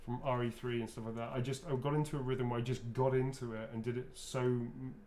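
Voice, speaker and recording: A man's voice: mid-range voice, level tone, fast talker, darkish tone, slight background noise. A man, a voice actor, chatting loosely while signing autographs and answering fan questions, often restarting his sentences. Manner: rambling, self-correcting, chatty.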